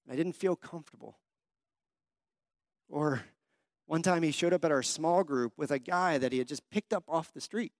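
A man's voice: fairly high pitch, moderate pace, long pauses, dry recording, clean studio sound. A young adult man preaching a sermon, telling personal stories and asking the congregation questions. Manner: conversational storytelling, asks the congregation questions. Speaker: pastor.

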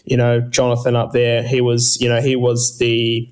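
A man, talking as a guest in a casual interview, halting and full of fillers and restarts. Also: mid-range voice, monotone. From New Zealand. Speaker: guest athlete. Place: in bed at home.

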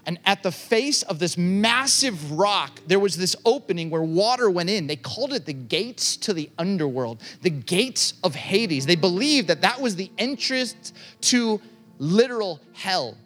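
A man's voice: high voice, very animated, measured pace, fairly bright tone, faint music behind. A man preaching a sermon, impassioned and direct, building to emphatic peaks as he speaks straight to the congregation.

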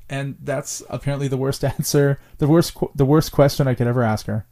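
A man's voice: medium pitch, steady tone, a little fast, warm tone. A man hosting a casual podcast conversation, joking and self-deprecating about his own habits as he asks for advice. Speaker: podcast host.

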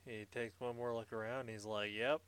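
A man's voice: mid-range voice, level tone, brisk, fairly bright tone, smooth. A man casually recapping a movie with a friend, laughing often and jumping in with mock outbursts. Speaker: podcast co-host.

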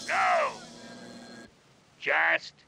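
An actor playing a menacing male caller who disguises his voice, talking slowly and sinisterly in a film scene. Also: pushed and bright, full character voice. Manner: slow, drawn-out, sinister. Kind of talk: film acting. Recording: noisy film soundtrack.

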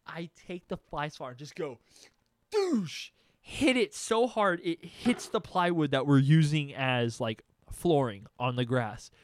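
A young man telling a comedic story on a podcast, animated and profane, acting out sounds and quotes. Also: a little high, moderate pace, few pauses, dry recording, studio quality.

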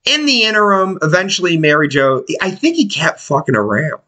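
A man's voice: sits high, very animated, fairly quick, bright, forceful tone. A man telling a story in casual, profane chat and acting out the people in it.

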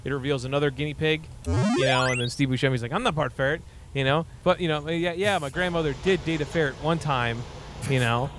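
A young man with a somewhat high voice tells a movie plot in a loose, rambling comic style. He fills his talk with "you know" and slips into quick silly voices for the characters. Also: background noise. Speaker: podcast host recapping a movie. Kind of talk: casual comedic movie recap.

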